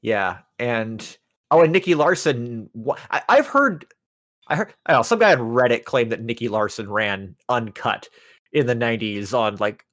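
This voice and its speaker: Stammering, medium-pitched man hosting a chat. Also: lively intonation, normal speed, fairly bright tone, no room sound, clean studio sound. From Canada. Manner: stammering restarts, thoughtful. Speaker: podcast host. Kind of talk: casual interview chat.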